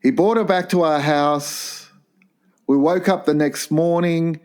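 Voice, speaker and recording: A man's voice: on the high side, steady tone, a little slow, darkish tone, clean tone. A man co-hosting a comedy podcast, crude and rambling as he reads out listener letters. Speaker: podcast co-host. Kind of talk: casual comedy chat.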